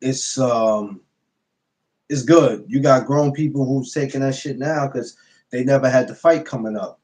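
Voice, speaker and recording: A man's voice: mid-range voice, measured pace, a little mellow, low-quality recording. A man telling stories in a laid-back casual podcast chat. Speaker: podcast co-host.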